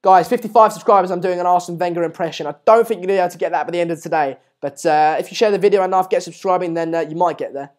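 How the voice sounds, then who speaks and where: A man's voice: high voice, very fast, few pauses. A man hosting a casual live football watchalong, rambling and chatty with many fillers, often urging viewers to subscribe. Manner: repeatedly urges viewers to subscribe. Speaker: live-stream host.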